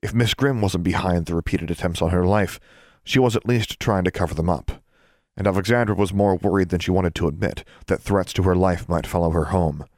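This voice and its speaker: A male audiobook narrator with a deep voice reads a script in a steady, measured way. The studio sound is clean, with no room sound.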